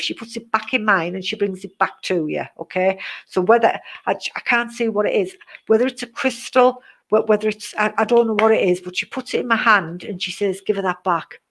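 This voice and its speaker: A woman's voice: medium pitch, a bit bright. A middle-aged woman giving a live psychic reading, repeating herself and checking in with "okay?" in a reassuring way. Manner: repetitive, reassuring, tags phrases with "okay?". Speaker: psychic medium.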